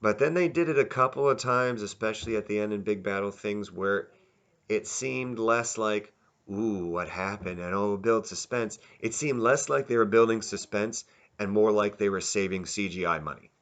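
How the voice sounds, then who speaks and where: Low bright-voiced man rambling a review. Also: normal speed. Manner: rambling, self-correcting, candid. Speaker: video reviewer. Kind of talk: casual spoken review.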